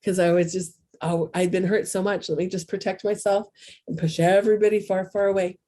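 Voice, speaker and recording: A middle-aged spiritual coach hosting a podcast talks candidly and ramblingly in a lowish, dark voice with fairly even intonation, a little fast, over a little hiss or hum. Her casual, heartfelt talk is self-deprecating.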